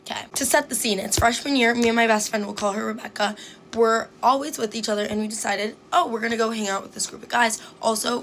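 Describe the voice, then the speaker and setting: A woman's voice: on the high side, fairly bright tone, a little hiss or hum. Chatty young woman telling a storytime. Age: young adult. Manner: chatty, fast, heavy use of "like", acts out quotes. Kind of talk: casual storytime chat.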